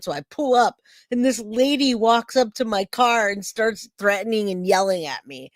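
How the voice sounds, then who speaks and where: A middle-aged woman hosting a true crime livestream, chatting casually and telling a story with lively acted-out quotes. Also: medium pitch, normal speed, no echo, studio quality. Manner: chatty, animated storytelling, acts out quoted voices.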